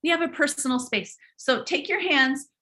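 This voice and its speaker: A middle-aged woman hosting a live online workshop, telling a story in an animated way, speaking directly to her audience with frequent restarts. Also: sits high, normal speed. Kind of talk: live webinar storytelling talk.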